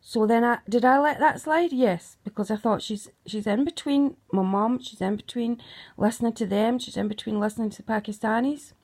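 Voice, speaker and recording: Going over old grievances with her daughter, a middle-aged mother speaks in a fairly high, slightly mellow voice at normal speed. Her emotional monologue is emphatic and accusing, and she repeatedly presses with "right?"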